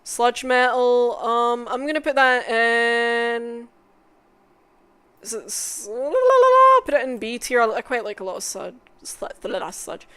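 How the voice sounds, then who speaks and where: A woman making a casual music tier list, swearing often, mumbling asides and bursting into loud excited outbursts. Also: a little high, a little slow, clean tone. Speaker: content creator.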